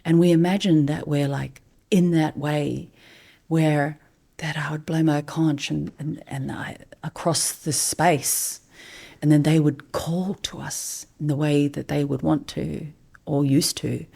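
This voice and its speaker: A middle-aged woman, a guest on a podcast and a vocalist, telling a story in a soft, hushed, often breathy way. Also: deep voice, steady tone, measured pace. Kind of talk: reflective storytelling.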